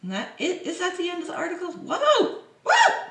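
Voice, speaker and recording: Her voice is very high, rapid-fire, and fairly bright, swinging widely in pitch as she reads a news article on her vlog and keeps breaking off for teasing, sarcastic remarks. The mic is distant, the room echoes, and her throat sounds dry.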